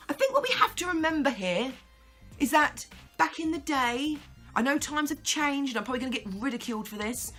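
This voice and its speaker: A woman's voice: sits high, very animated, fairly quick, pushed and bright, soft background music. A woman, a vlogger, ranting to camera in an exasperated, sarcastic way and laughing along.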